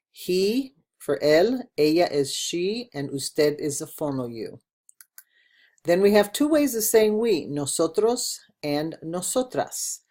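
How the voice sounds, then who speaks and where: A woman's voice: low voice, darkish tone. An older woman, a retired teacher working from home, giving a patient language lesson and spelling out words for learners.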